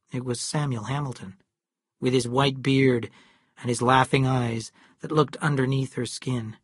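A narrator reading a novel aloud in a steady, measured storytelling manner. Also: medium pitch, husky, no room sound, studio quality. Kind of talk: scripted audiobook narration.

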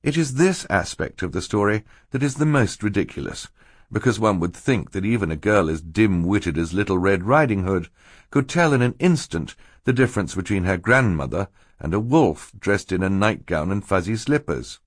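Low-voiced male narrator, dry and ironic, with lively intonation, recorded close and dry. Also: moderate pace, slightly rough, no room sound. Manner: wry, dryly ironic storytelling. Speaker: audiobook narrator. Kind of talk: scripted narration.

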